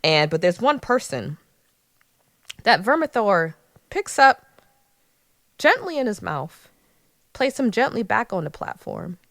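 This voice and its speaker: A woman from Philadelphia co-hosting a podcast in casual chat, animated and laughing, acting out quoted lines. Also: mid-range voice, measured pace, creaky, pauses often, no echo, clean studio sound. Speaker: podcast co-host.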